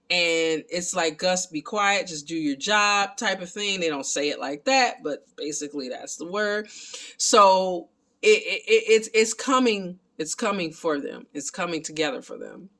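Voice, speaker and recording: A man giving a casual, animated recap of a film and talking to his viewers as family. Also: high voice. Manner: animated, excitable retelling. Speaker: film reviewer.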